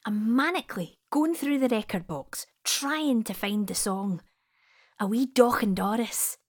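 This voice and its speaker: A Scottish woman telling a first-person story in an unhurried, soft voice that often drops to a whisper. Her pitch rises and falls widely, and she swears now and then.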